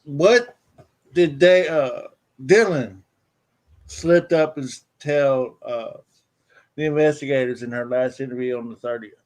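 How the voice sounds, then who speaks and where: A man joining a casual discussion stream as a panelist, asking a question in a halting way with many fillers. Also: medium pitch, a little mellow, poor audio.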